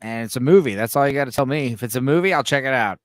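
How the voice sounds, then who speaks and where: A man's voice: mid-range voice, lively intonation, rapid-fire, no echo, studio quality. A man hosting a casual late-night podcast chat, laid-back and swearing freely. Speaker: podcast host.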